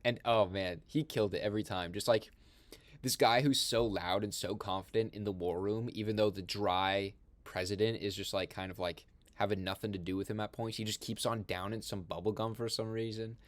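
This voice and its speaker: A young man, a film discussion host, excitedly recapping a movie in a rambling, casual way with lots of fillers. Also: on the low side, fairly quick, dry recording.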